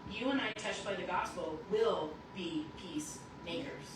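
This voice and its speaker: A woman's voice: lowish voice, measured pace. A woman preaches to her congregation and acts out the people in her stories as she goes. Her voice rings through a very echoey church and is picked up from a distance, with light noise behind her. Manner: lively storytelling, acts out quotes. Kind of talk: sermon. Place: church sanctuary.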